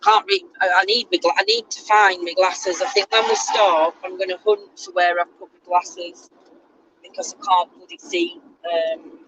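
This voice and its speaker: A woman's voice: on the low side, lively intonation, moderate pace. A woman, chatting casually and teasing herself during a road trip, recorded in a moving car. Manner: chatty, self-mocking. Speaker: vlogger. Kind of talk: casual chat. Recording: car noise in background.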